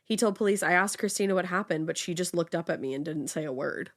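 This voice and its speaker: Casting note: woman, lowish voice, casual true-crime storyteller, chatty. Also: fast talker. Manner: chatty storytelling with many fillers. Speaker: podcast co-host telling the story.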